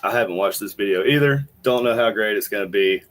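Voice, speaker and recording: A man's voice: fairly low pitch, fairly quick, fairly bright tone. Rambling male podcast host. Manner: rambling, thinking aloud with restarts. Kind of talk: casual commentary while playing clips.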